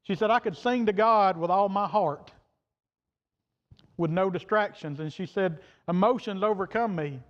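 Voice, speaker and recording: In a church sanctuary, a high-voiced man preaches at a moderate pace, telling a story in a down-to-earth, folksy manner and quoting the people in it. The sound is dull and reverberant, like a church hall.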